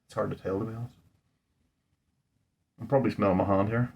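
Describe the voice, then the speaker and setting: A man's voice: on the low side, fairly even intonation, fairly quick, vocal fry, husky, muffled recording. A man, a home brewer, talking casually through a beer tasting in a rambling, thinking-aloud way, indoors at home. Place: indoors at home under a ring light.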